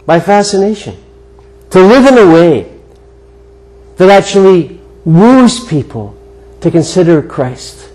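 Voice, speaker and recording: A man preaching a sermon, telling a personal story in an earnest way with emphatic pauses. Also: high voice, sing-song, darkish tone, low-quality recording. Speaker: guest preacher.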